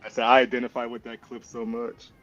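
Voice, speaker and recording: A man's voice: medium pitch, completely flat delivery, fast talker, fairly bright tone, highs cut off. A man co-hosting a casual chat, laid-back and laughing a lot.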